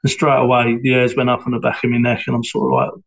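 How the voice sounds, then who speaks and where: A middle-aged man recalls his time as a police sergeant. He speaks haltingly, with many fillers and restarts. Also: medium pitch, level tone, vocal fry, dull audio. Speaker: interviewee, former police sergeant. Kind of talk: reflective personal account.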